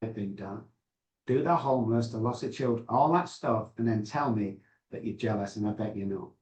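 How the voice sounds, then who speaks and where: A man's voice: lowish voice, fairly quick, darkish tone. A man, a guest expert on addiction, telling stories in a brash, profane, mocking way. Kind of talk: candid podcast conversation. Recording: echoey room.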